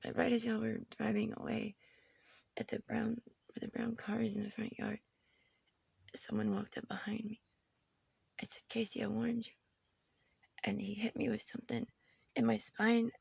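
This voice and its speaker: A woman recording a personal video message on her phone, short of breath, halting and repeating herself, often dropping to a whisper. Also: mid-range voice, vocal fry, husky, dry recording. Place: her room at home.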